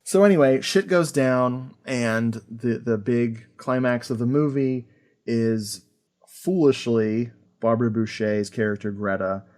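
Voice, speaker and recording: A man hosting a podcast, chatting casually about an old film, animated and full of fillers and laughter. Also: medium pitch, a little slow. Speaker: podcast host. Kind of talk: casual film review chat.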